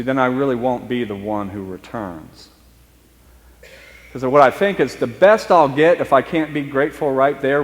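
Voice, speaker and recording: A man preaching a storytelling sermon, talking in a conversational, halting way and slowing down for emphasis. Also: mid-range voice, long reverb tail. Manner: conversational, halting restarts, speeds up and slows for emphasis. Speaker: priest. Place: church.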